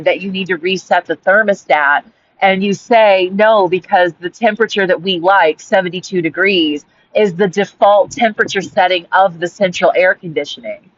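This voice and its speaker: A woman's voice: mid-range voice, fairly bright tone. A woman host telling a personal story in a heated, rambling monologue full of swearing. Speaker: author and podcast host. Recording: dull audio with faint background hiss.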